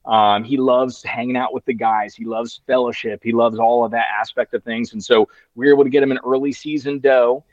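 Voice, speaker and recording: A man's voice: mid-range voice, steady tone, fairly quick, few pauses, no echo. A man in his thirties telling a long story in casual chat, full of "you know" fillers and restarts. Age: 30s. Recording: dry, slightly dull sound.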